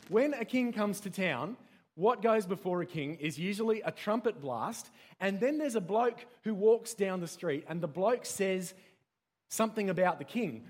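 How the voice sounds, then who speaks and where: A man's voice: sits high, slightly rough. A man with an Australian accent giving a playful, interactive teaching talk to a group, quizzing his listeners and getting them to repeat key words.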